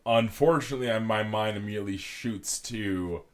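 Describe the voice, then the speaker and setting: A man's voice: fairly low pitch, normal speed. A man hosting a podcast in casual, playful chat, laughing often. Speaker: podcast host.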